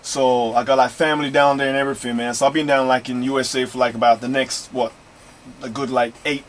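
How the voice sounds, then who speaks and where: A man's voice: mid-range voice, flat delivery, fast talker, slight background noise. Laid-back slangy rapper man. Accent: American Southern. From London. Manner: laid-back, slangy, many fillers like "man" and "you know". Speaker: rapper guest. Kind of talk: casual radio interview. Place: radio studio.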